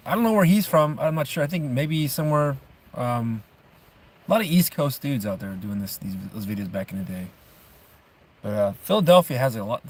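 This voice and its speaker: Laid-back male vlogger, mid-pitched, rambling and unpolished, recording casual talk from his car. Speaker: YouTuber. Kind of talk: casual rambling vlog chat.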